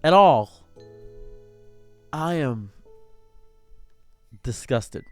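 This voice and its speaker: A man's voice: medium pitch, darkish tone, clean tone, no echo. A young man streamer in an emotional commentary rant, swinging between anger and holding back tears. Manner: impassioned, swinging from angry to near tears.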